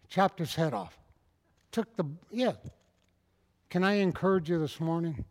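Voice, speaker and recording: Man preaching, folksy then fervent, fairly high voice, long church reverb. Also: measured pace, long pauses. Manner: folksy, building to fervent shouted passages. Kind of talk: sermon.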